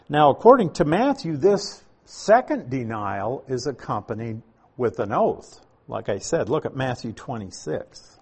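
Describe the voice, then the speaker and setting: A man delivering a Bible-teaching sermon at an unhurried, deliberate pace. His voice has a husky edge and sits in an ordinary middle register. He reads passages aloud and then unpacks them with rhetorical questions. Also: mid-range voice, expressive, darkish tone. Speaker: pastor teaching scripture. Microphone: uses slides while speaking to a congregation.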